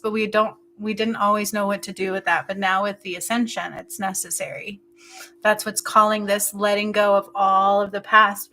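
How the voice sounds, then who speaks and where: Soft-spoken woman with a bright voice. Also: medium pitch, a little hiss or hum. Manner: slow, halting, meandering with many fillers. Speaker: spiritual healer. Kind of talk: intuitive healing session.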